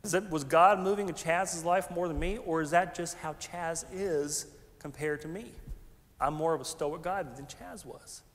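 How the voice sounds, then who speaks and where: High-voiced pastor in a hall. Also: male voice, moderate pace. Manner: conversational, animated, folksy asides. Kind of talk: sermon. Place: large church sanctuary. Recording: long hall reverb.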